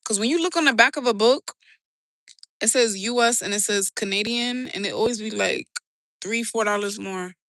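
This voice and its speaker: On a recording with no room sound, this young New Yorker's mid-range voice is fairly bright and moves at normal speed. She chats loosely with her livestream audience, answering chat in slang and laughing a lot, her New York accent clear.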